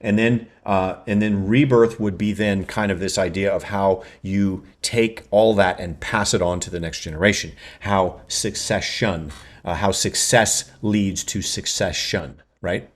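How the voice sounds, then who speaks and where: Male writing-channel host, lowish voice, rapid lecturing delivery. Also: fairly even intonation. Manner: fast, tags points with "right?". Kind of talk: explanatory lecture.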